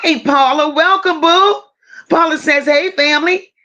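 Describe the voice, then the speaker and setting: Her bright, forceful voice sits high, and she keeps a measured pace while hosting a casual livestream. She welcomes each viewer with names like baby and boo, and the audio sounds dull and lo-fi.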